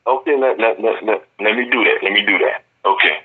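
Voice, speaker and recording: Husky man on a muffled phone line. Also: fairly low pitch, brisk. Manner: insistent, repeats words while building his point. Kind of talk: earnest religious explanation.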